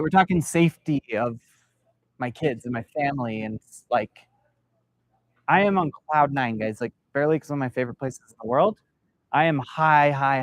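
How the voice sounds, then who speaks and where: Middle-aged man telling a lively sales story. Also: on the high side, dry recording. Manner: lively storyteller, quizzing the room. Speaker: sales mentor. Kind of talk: live workshop talk to an audience. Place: meeting room with an audience.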